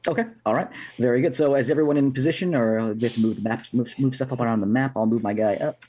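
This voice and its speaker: Guy playing d&d, lots of ums and uhs, mid pitch. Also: rapid-fire, warm tone. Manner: hesitant, many fillers. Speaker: player. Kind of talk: casual tabletop game chat.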